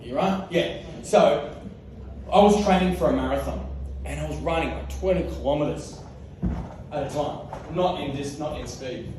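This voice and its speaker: A man's voice: a little high, normal speed, heavy reverb, recorded from a distance, background noise. A man in his thirties with an Australian accent, giving a comic keynote talk on stage, laughing often and acting out voices in his stories. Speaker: keynote speaker. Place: large hall with live audience.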